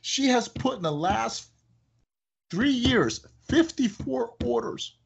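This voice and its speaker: A man who owns a business, chatting in a casual podcast and telling animated stories that act out his phone calls. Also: extremely high pitch, slow, gravelly, husky, dull audio. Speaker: business owner, guest.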